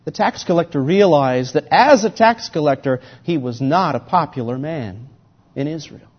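A man preaching a sermon in a deliberate, emphatic way, his volume swelling and dropping. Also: fairly high pitch, expressive, breathy edge, dull audio.

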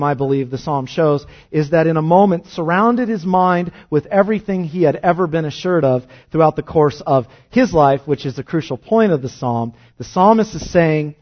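A man preaching a sermon, rising loud and fervent when reading scripture and dropping to a soft, quiet tone when explaining it. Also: fairly high pitch, muffled recording. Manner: impassioned, swells loud on scripture then drops soft. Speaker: pastor.

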